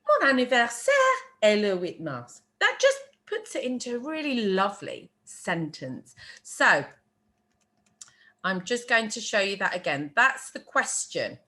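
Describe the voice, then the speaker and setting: A woman teaching a beginner French lesson, repeating phrases slowly and patiently, with chatty asides and quick apologies. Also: medium pitch, big pitch swings, pushed and bright.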